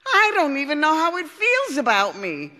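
A woman voicing an earnest, lovesick male duck in a storybook reading, pleading with a voice that climbs high and breaks. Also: huge pitch swings, moderate pace, sharp tone, exaggerated voice. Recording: long hall reverb.

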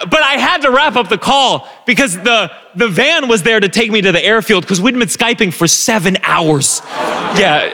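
A man telling a self-deprecating personal story on a live stage, animated, with stumbling restarts. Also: high voice, big-room sound. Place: live stage before an audience.

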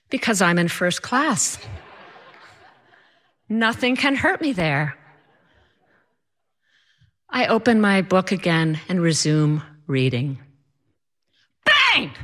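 A woman with a fairly low pitch and fairly bright tone shares a personal story with an audience, speaking slowly and deliberately. Her humor is wry and self-deprecating, and she paces her delivery to heighten the drama.

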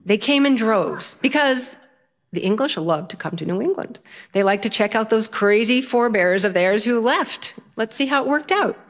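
An older woman telling a personal story in an animated way, often laughing as she talks. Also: fairly high pitch, moderate pace.

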